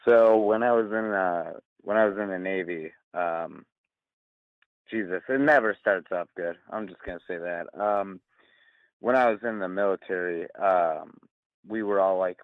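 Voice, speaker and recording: Man calling in, low voice, tinny phone line, rambling, swearing, laughing. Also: steady tone, a little slow, no room sound. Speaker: caller. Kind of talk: casual storytelling.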